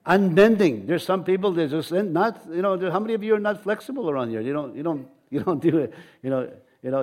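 Chatty high-voiced preacher. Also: male voice, a little mellow. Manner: rambling, chatty, asks the congregation questions. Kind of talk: informal sermon.

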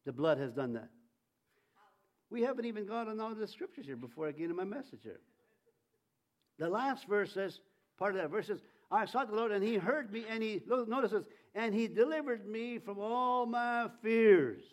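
A man's voice: high-pitched, expressive, fairly quick, long pauses. A male preacher delivering a sermon with fervour, leading the congregation to repeat lines after him. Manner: fervent, leads congregation in call-and-response.

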